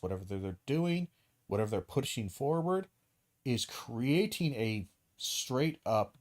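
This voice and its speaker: A man hosting a live stream, ranting angrily and profanely about a news video, with frequent restarts and acted-out quotes. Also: fairly low pitch. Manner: acts out hypothetical dialogue in quoted voices. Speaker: streamer host.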